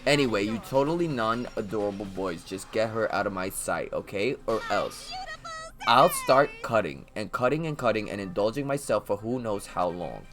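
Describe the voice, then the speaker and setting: A man voicing an unhinged, taunting female killer in a game, catty and menacing, in a voice lower than his own. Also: expressive, normal speed, over music, lightly acted.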